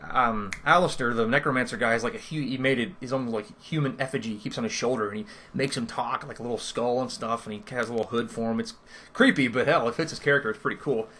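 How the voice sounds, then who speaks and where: A man's voice: medium pitch, fast, a bit bright. Rambling man recapping a game session. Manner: rambling, self-interrupting, lots of fillers. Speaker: first-time game master recapping a campaign. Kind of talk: casual storytelling recap.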